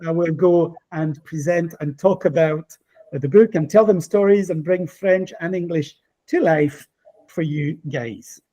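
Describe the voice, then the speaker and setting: A man's voice: fairly high pitch, unhurried, warm tone, poor audio. A man presenting his book to teachers in an online talk, speaking with passion and enthusiasm.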